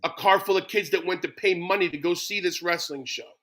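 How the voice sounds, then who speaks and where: Middle-aged guy, blunt and passionate, bright punchy voice. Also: sits high, fairly quick. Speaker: guest, former wrestler. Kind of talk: casual interview talk.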